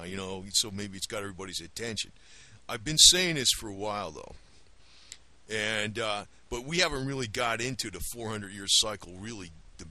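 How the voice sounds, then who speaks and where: A man's voice: lowish voice, bright, forceful tone. A man from the Northeast with a New Jersey accent, rambling to camera in a blunt, profane rant. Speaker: video blogger.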